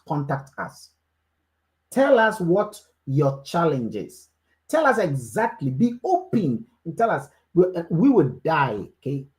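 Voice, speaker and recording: A woman's voice: low-pitched, darkish tone. A woman, leading a network marketing group call with a preachy motivational speech that repeats key phrases for emphasis. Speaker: network marketing team leader.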